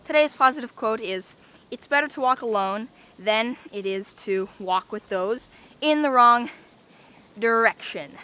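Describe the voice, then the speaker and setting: A woman's voice: on the high side, a little slow, bright, forceful tone. A young woman making a casual daily vlog, chatty and rambling, often repeating herself and saying "like". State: out of breath. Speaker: vlogger.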